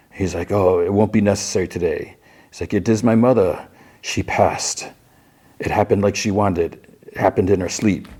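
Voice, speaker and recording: A man casually retelling a TV episode scene by scene, quoting the characters in quick lines full of fillers. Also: deep voice, darkish tone. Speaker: podcast host recapping a TV episode. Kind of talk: casual recap.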